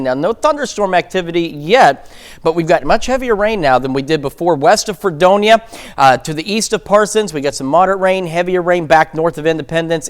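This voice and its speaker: A man with a slightly raised pitch presents the local weather on a morning newscast. He talks casually and conversationally, walking viewers through the radar. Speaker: meteorologist. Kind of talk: TV weather forecast.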